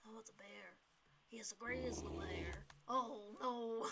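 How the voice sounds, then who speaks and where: A young woman casually commentating her own gameplay, playful and talking to herself in cutesy baby words, with sudden gasps and shouts. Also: a little high, measured pace, slight background noise. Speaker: gameplay video creator.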